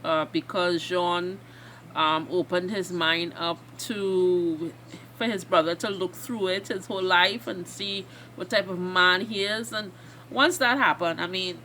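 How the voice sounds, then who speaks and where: A woman hosting a reaction video, excitably and emotionally recapping a TV episode in a rambling way. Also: fairly low pitch, a little slow, a little hiss or hum.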